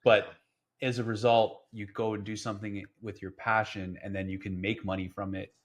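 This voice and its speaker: A man's voice: lowish voice, little pitch movement, normal speed. A man chatting on a casual podcast, eager and agreeable.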